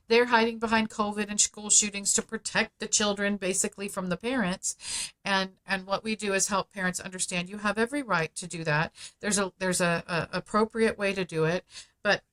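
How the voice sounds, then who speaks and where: Casting: middle-aged woman, podcast guest, mid-pitched voice, forceful and persuasive, presses hard on key points. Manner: emphatic, persuasive, speeds up and slows for stress. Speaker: guest, founder of a parents' advocacy group. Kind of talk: podcast interview.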